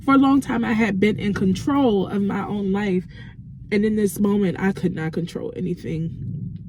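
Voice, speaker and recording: A woman vlogger telling a personal faith testimony in a halting, reflective way, with frequent restarts. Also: mid-range voice, warm tone, a little hiss or hum.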